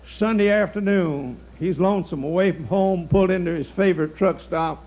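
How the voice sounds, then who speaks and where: A man's voice: high voice, moderate pace, hardly any pauses, a little mellow, muffled recording. An older man telling a folksy stand-up comedy monologue on an outdoor stage, chuckling at his own jokes.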